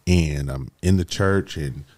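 A man telling his life story as a guest, casual and animated, often saying "bro" as he talks. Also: very deep voice, measured pace. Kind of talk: emotional personal storytelling.

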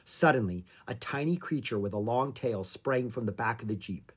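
An audiobook reader narrating a children's book in an expressive, lilting way. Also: medium pitch, moderate pace, hardly any pauses, husky.

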